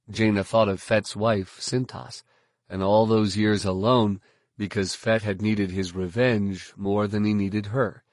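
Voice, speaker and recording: A man reading scripted audiobook narration in a steady, even storytelling manner. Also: lowish voice, a little slow, dry recording, studio quality.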